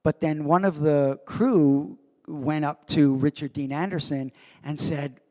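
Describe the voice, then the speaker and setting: A man, the guest of honor at a convention, telling an animated, self-amused anecdote from the stage of a convention hall. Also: on the high side, a little slow. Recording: long hall reverb.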